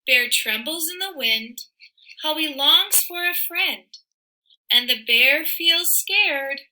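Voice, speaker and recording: A woman reading a children's picture book aloud in an expressive, sing-song way, with soft asides to the listener. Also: sits high, slow, low-quality recording. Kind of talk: read-aloud storytelling for children.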